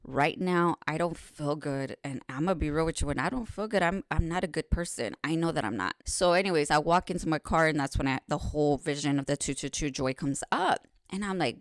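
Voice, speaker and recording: A woman with a low, smooth, resonant voice tells her personal story on a podcast, candid and salty with her language. She rambles and corrects herself, rising loud and animated in places and dropping to a hush when she confesses, all in a dry, close sound. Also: fairly quick, hardly any pauses, no echo. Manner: frank and profane, rambling and self-correcting; swings between loud animated retelling and soft hushed confession.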